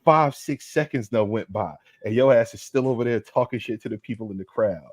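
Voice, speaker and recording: Man, low voice, dry close sound, slangy comedic sports rant host. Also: brisk, no echo. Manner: animated, slangy, preachy mock lecture. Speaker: podcast co-host.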